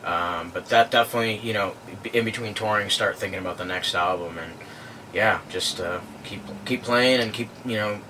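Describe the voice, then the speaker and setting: A guitarist talking casually in an interview, relaxed and rambling with lots of fillers. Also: male voice, fairly low pitch, a little fast, far from the mic, a little hiss or hum. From born in London, raised in the US. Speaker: band guitarist.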